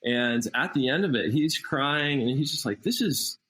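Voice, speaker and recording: Animated man telling a story. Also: mid-range voice, normal speed, rough recording. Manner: animated, acts out quoted dialogue. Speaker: missionary guest. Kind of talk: casual storytelling.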